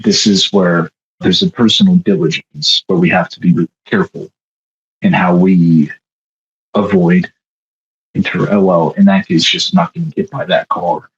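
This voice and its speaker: Casting: man with a very low, raspy voice, lively intonation, casual measured talk, dull lo-fi recording. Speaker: roundtable participant. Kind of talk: casual discussion.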